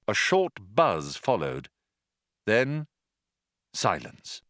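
A man narrating an audiobook in a dry, wry, unhurried storytelling manner. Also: medium pitch, wildly swooping pitch, pushed and bright, no echo.

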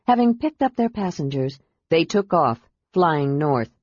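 A woman reading a fantasy novel aloud as audiobook narrator, with a measured, steady delivery. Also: sits low, husky, no room sound. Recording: dull dry audiobook recording.

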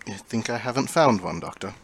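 A cold, smug villain who commands a cyborg swarm, as a man puts him on. He speaks low and soft, drawing out words in sneering half-whispers. A faint hiss sits under the recording. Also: expressive, fairly quick, gravelly. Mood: menacing.

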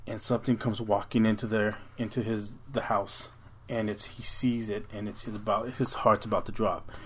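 A man's voice: lowish voice, level tone, moderate pace, husky. A man co-hosting a podcast, retelling a scary story in a rambling, profane way with lots of restarts. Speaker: podcast co-host. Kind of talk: casual storytelling chat.

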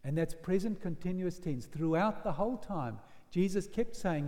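A man preaching a sermon as vivid storytelling, dropping to hushed lines and then rising to loud shouted quotes. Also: high voice, animated, normal speed, few pauses. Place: church hall. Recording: long reverb of a church hall.

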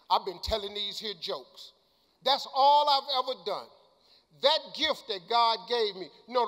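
An older man giving a motivational speech and telling stories, colloquial and emphatic, sometimes shouting. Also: very high-pitched. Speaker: motivational speaker. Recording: long hall reverb.

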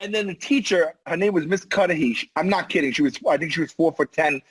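A man on a podcast telling an animated anecdote in casual chat, insisting he is not kidding. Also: fairly high pitch, quick pace, breathy edge, rough recording.

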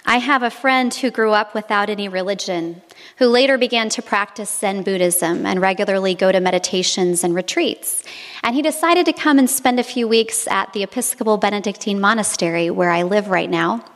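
A woman's voice: medium pitch, fairly quick, in a large hall. A woman preacher delivering a sermon, telling stories in a reflective way. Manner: reflective storytelling. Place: monastery.

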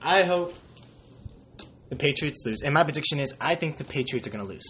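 A man's voice: fairly high pitch, lively intonation, fairly quick, a bit bright, slight background noise. A young man hosting a casual sports podcast, joking and rambling, slipping into silly quoted voices. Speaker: podcast host.

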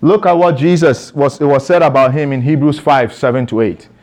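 A man's voice: fairly high pitch, a little fast, a little mellow. A man preaching a sermon to a congregation in a church, asking rhetorical questions and calling for responses.

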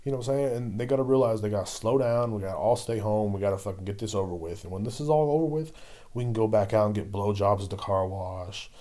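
A man's voice: on the low side, quick pace, mellow. A young man ranting casually and profanely, rambling and repeating "you know what I'm saying.". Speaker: vlogger; liquor store worker. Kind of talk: casual rant.

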